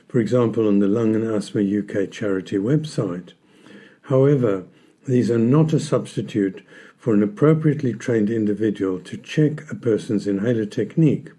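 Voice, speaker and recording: A man calmly explaining a health topic in a measured, instructional talk, stressing key words. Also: lowish voice, breathy edge. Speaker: health educator. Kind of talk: scripted educational talk.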